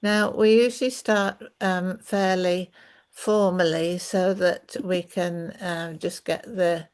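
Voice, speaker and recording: Woman host, lowish voice, relaxed and chatty on a video call, many fillers. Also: slow pace, clear, resonant tone. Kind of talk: online meeting talk.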